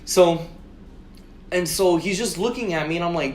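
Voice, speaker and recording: A man co-hosting a podcast, telling a story in casual chat, swearing constantly and acting out his own shouted lines. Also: sits high, moderate pace, a little hiss or hum. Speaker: podcast co-host. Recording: roomy echo.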